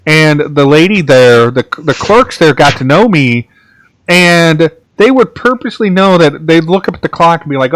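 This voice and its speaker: Casting: male podcast host, mid pitch, meandering anecdotal chat, recorded close and dry. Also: expressive, moderate pace, fairly bright tone, no echo. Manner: rambling storyteller, many restarts and "like"s. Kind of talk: casual chat.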